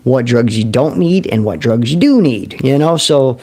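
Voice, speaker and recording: Man, livestream host, casual talk, animated, laughs a lot, mid-pitched voice. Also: moderate pace. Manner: animated, laughs often, answers his own questions.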